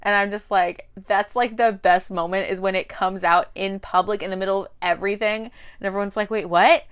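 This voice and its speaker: A woman talks casually about a TV series with a friend. She is animated and quick to act out lines from the characters as she tells the story. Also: medium pitch, clear, resonant tone. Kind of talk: casual chat about a TV show.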